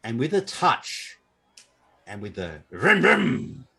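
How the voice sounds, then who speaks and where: Slow, husky-voiced male game master. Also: medium pitch, very animated, pushed and bright. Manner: descriptive, with frequent fillers. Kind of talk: narrating a tabletop game. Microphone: online call.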